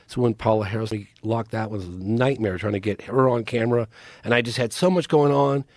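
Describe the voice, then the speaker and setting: A man's voice: medium pitch, a little fast, a little mellow, dry recording. Earnest man with a dry close sound. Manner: earnest, urgent, pleading appeals. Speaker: podcast guest, documentary filmmaker. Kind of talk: casual interview talk.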